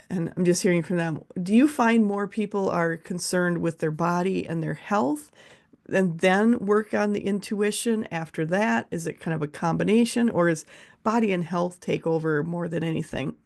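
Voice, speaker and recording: A woman's voice: lowish voice, normal speed, creaky, a little mellow. A woman hosting an interview, affirming her guest and asking long follow-up questions. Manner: affirming listener, asks rambling follow-up questions. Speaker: podcast host. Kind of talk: casual interview chat.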